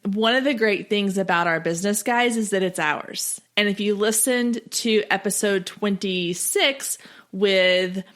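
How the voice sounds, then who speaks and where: Young adult woman, podcast host, friendly and direct, mid-range pitch, solo advice talk. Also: a little slow, fairly bright tone.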